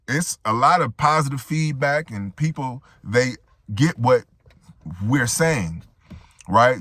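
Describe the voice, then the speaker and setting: A man talks through a reaction commentary, building rhetorical points and checking in with a repeated "right?". His pace is slow and deliberate while his pitch moves up and down freely. The sound is dry and close, with little room around it. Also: a bit bright, no echo.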